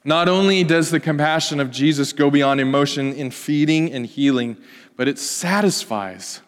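A man delivers a sermon from the pulpit, his voice pitched notably high. He moves between loud, emphatic stretches and soft, hushed asides. A long reverb trails each phrase, as in a large church hall. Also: moderate pace. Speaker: pastor.

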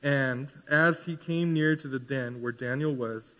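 A man's voice: mid-range voice, measured pace, a bit bright. A man preaching a sermon as pastor, building to emphatic rising questions. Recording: reverberant hall.

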